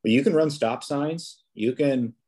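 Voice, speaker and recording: A man's voice: mid-range voice, a little slow, warm tone. A police officer, a man, chatting as a podcast guest, telling stories casually with many restarts and fillers. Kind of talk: casual interview storytelling.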